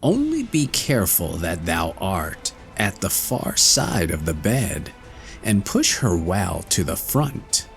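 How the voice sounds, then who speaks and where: A man voicing a murderous old stepmother witch for a storybook, speaking slowly and with menace. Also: low voice, huge pitch swings, creaky, faint music behind, full character voice. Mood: scheming.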